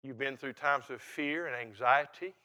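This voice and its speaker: An older man with a mid-range voice preaches a sermon at normal speed in a folksy, emphatic way. He swings between quiet reflection and loud, laughing energy.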